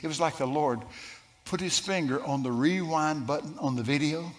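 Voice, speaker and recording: A man preaching a sermon, telling a personal story in a folksy, animated way with some stammering. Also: a little high, normal speed, very noisy. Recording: long reverb of a large hall.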